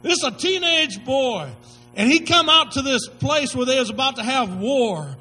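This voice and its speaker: A man's voice: extremely high pitch, lively intonation, normal speed, bright, forceful tone, breathy edge, faint music behind, rough recording. A male pastor preaching a sermon, telling stories in folksy slang with emphatic delivery.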